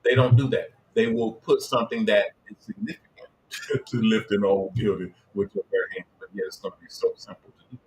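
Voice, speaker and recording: A middle-aged man hosting a livestream, giving a motivational coaching talk in an emphatic, preachy way that swings between loud and low. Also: brisk, rough recording. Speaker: livestream host and business coach.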